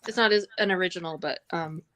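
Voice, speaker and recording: Bright-voiced woman chatting offhand. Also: lowish voice, fast. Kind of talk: casual chat.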